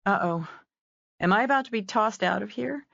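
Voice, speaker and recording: A woman's voice: mid-range voice, animated, normal speed, gravelly, fairly bright tone, no echo, lo-fi sound, pitched above the performer's own voice. A woman reading a polite outsider woman who asks bemused, curious questions. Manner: inquisitive, lightly bemused.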